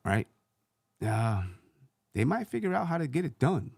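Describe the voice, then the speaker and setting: A man's voice: a little high, sing-song, unhurried, creaky, a little mellow, breathy edge, no room sound, clean studio sound. A man hosting a sports channel, rambling through casual basketball commentary and correcting himself as he thinks aloud.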